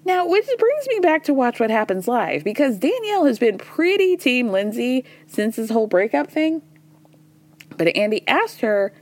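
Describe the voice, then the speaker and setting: A woman with a fairly high voice recaps reality TV in a loose, casual monologue. She is chatty and profane, and slips into the dialogue of the people she describes. The sound is close and dry, with no room around it. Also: very animated, moderate pace, a little mellow, no echo. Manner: chatty and profane, says y'all and girl; retells scenes by voicing quoted dialogue. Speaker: podcast host recapping reality TV.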